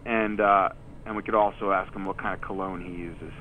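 A touring musician guest telling rambling stories in a casual interview, full of fillers and restarts. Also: male voice, deep voice, fairly even intonation, a little fast, slight background noise. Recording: tinny phone-line audio.

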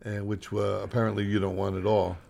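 A radio host with a somewhat low male voice keeps up casual on-air banter. He teases his co-host in a dry way and plays up mock offense. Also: little pitch movement, quick pace, vocal fry, dark tone, a little hiss or hum.

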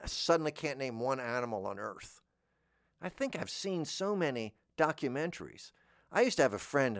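A man hosting a podcast, musing in a meandering deadpan monologue that trails off into mumbles. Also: no echo, clean studio sound. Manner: jumps into high squeaky voices for imagined speakers. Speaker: podcast host. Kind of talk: rambling comic monologue.

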